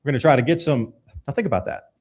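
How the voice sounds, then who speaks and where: A man's voice: mid-range voice, expressive, quick pace. A man hosting a live radio show, talking casually and emphatically while walking through news articles. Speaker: host.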